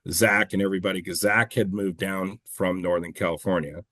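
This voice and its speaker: Low-voiced male guest, loose and rambling storyteller, swears casually, dry close mic. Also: steady tone, a little fast, sharp tone, no room sound. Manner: rambling, self-correcting, swears freely, laughs at own stories. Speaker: clay shooting competitor and coach, guest.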